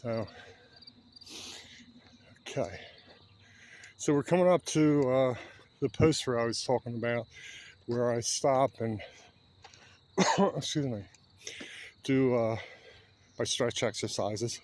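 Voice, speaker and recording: Slow-talking man in his seventies. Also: medium pitch, darkish tone. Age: 70s. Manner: chatty, rambling, talking while walking. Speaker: vlogger. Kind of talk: casual walking vlog. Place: outdoor park trail.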